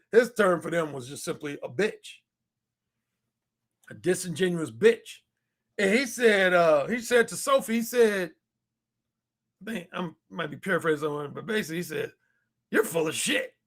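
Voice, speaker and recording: A man telling a story in a casual monologue, animated and repetitive, acting out the quotes. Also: sits high, moderate pace. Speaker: dating commentator.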